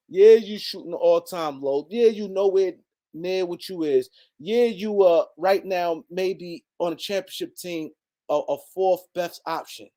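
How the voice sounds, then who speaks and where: Hosting a fiery one-man sports commentary, a man with a high-pitched but dark-toned voice hammers his points home through repetition. He addresses absent players as though they were right in front of him.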